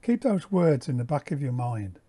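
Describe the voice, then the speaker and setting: A man giving a measured Bible teaching, repeating key words and explaining the original Greek. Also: mid-range voice, sing-song, warm tone, husky. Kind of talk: slow, deliberate Bible teaching.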